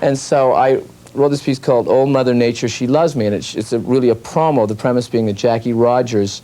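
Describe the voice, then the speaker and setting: A male comedian telling stories in an interview with lively delivery. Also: mid-range voice, fairly quick. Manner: lively storytelling, slips into voices. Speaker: comedian guest. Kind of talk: interview anecdotes.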